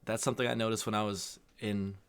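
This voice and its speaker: American guy rambling about a video, deep-ish voice, lots of vocal fry. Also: fast talker. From United States. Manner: relaxed, rambling with fillers. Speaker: reaction video host. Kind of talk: casual commentary.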